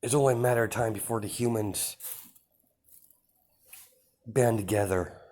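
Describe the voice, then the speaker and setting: A man voicing a proud female vampire princess who is a stern mother, delivering improvised lines with hesitant pauses and fillers. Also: on the low side, fairly even intonation, darkish tone, close to an everyday voice.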